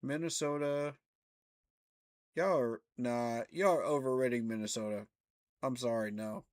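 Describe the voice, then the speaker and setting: A man with a drawl talks slowly and unhurriedly, reacting to rankings in casual commentary. He keeps sounding incredulous and breaks into laughing asides. His voice sits in an ordinary middle pitch. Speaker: fan channel host.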